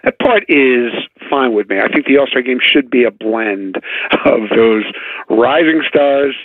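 A man talking casually about baseball on sports radio, chatty and halting, with sarcastic asides. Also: medium pitch, expressive, dry recording. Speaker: baseball writer guest. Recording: dry tinny phone line.

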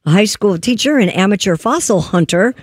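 A woman's voice: medium pitch, animated, husky, dry recording. A woman reading light news items on a talk radio show and joking with the hosts. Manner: reads news items with quick asides. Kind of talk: casual news chat.

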